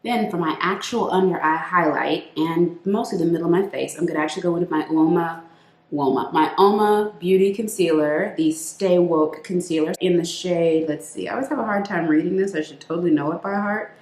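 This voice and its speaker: A woman's voice: on the low side, fairly quick, darkish tone, reverberant. A woman beauty vlogger chatting playfully through a makeup routine, calling her viewers sis. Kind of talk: casual makeup tutorial chat.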